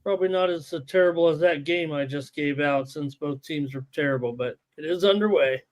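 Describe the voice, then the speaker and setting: A man's voice: fairly high pitch, a little fast. A man co-hosting a live betting stream, dryly giving his picks and fight takes. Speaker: betting stream co-host and picker. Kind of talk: casual live-stream banter.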